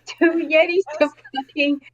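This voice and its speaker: A woman's voice: high voice, steady tone, measured pace, dull audio. A woman playing a tabletop game, chatty with hesitant asides. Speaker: player. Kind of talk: casual tabletop play.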